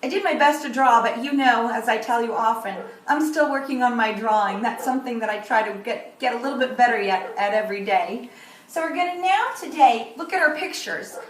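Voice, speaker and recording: A woman teaching kindergarten, who talks slowly and clearly to young children and sounds out and repeats words. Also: fairly high pitch, a bit bright. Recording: roomy echo, voice from a distance, faint noise.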